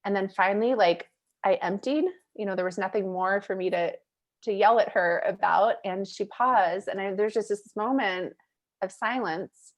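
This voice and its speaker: A mindset coach and facilitator, appearing as a podcast guest, candidly recounts her own experiences in a lively, conversational flow. She is animated and chatty, peppering her talk with "like" and "you know" and laughing easily between thoughts. Her voice is of ordinary middle pitch at a normal speed.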